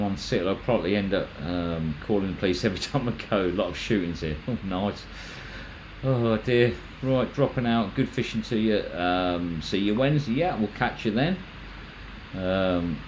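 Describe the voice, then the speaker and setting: A lower-voiced man hosts a casual livestream. He chats in a loose, rambling way, trips over his words and restarts his sentences as he reads out viewer comments. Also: normal speed, a little hiss or hum, rough recording. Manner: chatty, rambling, stumbles and restarts. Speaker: magnet fishing channel host.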